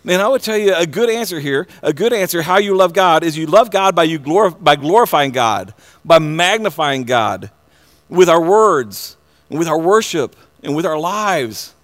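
High-pitched pastor guy giving a sermon, keeps restarting his words, gets loud and excited at times. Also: normal speed. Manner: earnest, repeats words and restarts, rising to loud excited passages.

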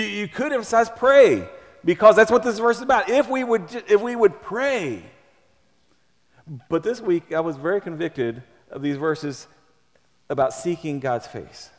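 High-voiced impassioned preacher man. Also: long reverb tail. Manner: impassioned preaching, repeats words, swings from soft to loud. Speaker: pastor. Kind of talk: sermon.

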